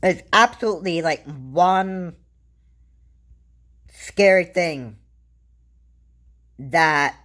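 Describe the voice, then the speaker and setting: Slow, low-voiced woman rambling on politics. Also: a bit bright. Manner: rambling, halting, with frequent restarts and fillers. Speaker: vlogger. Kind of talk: casual political commentary.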